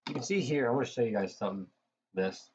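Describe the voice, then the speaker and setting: A man's voice: medium pitch, animated, quick pace, darkish tone. A man streaming live, chatting casually and profanely. He is tired and has a cold, and rambles with many fillers. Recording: dull lo-fi mic with faint noise.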